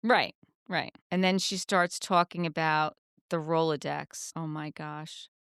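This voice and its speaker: Podcast co-host, woman, smooth clear voice, dry close sound, animated retelling. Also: low-pitched, a little slow, dry recording. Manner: animated storyteller, acts out quotes. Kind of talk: casual recap chat.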